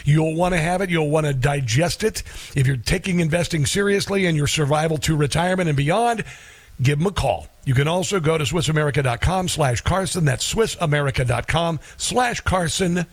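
A man's voice: fairly high pitch, a little fast. A man hosting a talk radio show, reading an ad and interviewing a guest in a folksy, joking, emphatic way.

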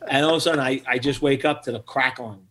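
A middle-aged man, a podcast guest, telling a story with lively acted-out quotes and frequent laughter. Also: mid-range voice, fast, background noise. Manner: animated storyteller who acts out quotes and laughs often. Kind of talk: storytelling interview.

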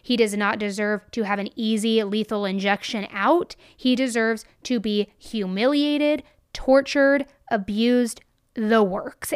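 A woman's voice: medium pitch, clear, resonant tone, no room sound. A woman hosting a true crime show, giving blunt and emphatic commentary into a close mic.

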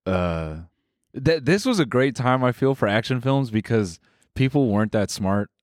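A man's voice: medium pitch, animated, normal speed, dry recording, clean studio sound. A man co-hosting a podcast in casual chat, teasing his partner in a laid-back way and laughing often. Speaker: podcast co-host.

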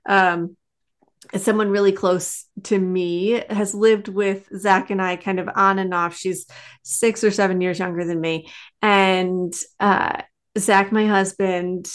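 Woman in her thirties, earnest, chatty, storytelling, everyday mid pitch. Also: little pitch movement, takes it slowly. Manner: earnest, storytelling, many "like" fillers. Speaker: parenting guest. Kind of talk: casual podcast conversation.

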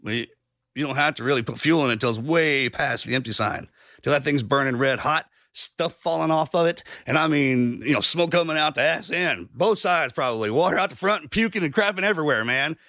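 A man hosting a casual podcast who talks quickly in a gravelly voice. He rambles through folksy, homespun analogies and swears casually. The recording is close and dry. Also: fairly high pitch, bright, forceful tone, no room sound. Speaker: podcast host.

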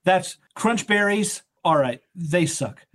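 A man's voice: high-pitched, lively intonation, slow, fairly bright tone. A man hosting a sports podcast, chatting casually and rambling with jokes and laughter. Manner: rambling, jokey, breaks into laughter. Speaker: podcast host.

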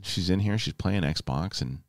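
A man hosting a podcast, telling a story in a casual, animated, emphatic way and swearing freely. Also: deep voice, measured pace, no room sound, clean studio sound. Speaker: podcast host.

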